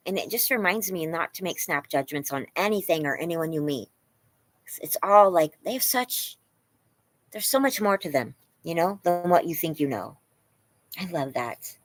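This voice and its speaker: Reading through her chat, this woman hosting a live stream replies in a rambling, casual way, full of filler words and effusive compliments. Her voice sits on the low side, with no room sound.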